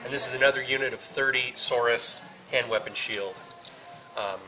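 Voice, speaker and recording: A man's voice: medium pitch, fairly even intonation, normal speed, low-quality recording. A man playing a tabletop game, listing his army in a matter-of-fact way with frequent ums. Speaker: opposing tabletop player. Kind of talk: casual game talk. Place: indoor game store. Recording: camera mic picking up a busy crowd.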